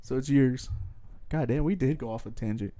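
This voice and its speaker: A man's voice: mid-range voice, normal speed, dark tone. A young man in casual podcast chat, telling rambling stories with swearing and frequent laughs. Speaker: podcast co-host.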